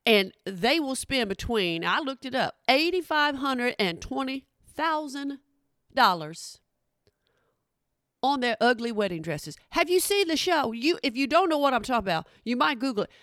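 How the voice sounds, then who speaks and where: A woman's voice: high voice, expressive, normal speed, fairly bright tone, dry recording, studio quality. A woman doing a stand-up comedy routine, chatty and calling her audience y'all. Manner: chatty, addresses the crowd as y'all. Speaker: stand-up comic.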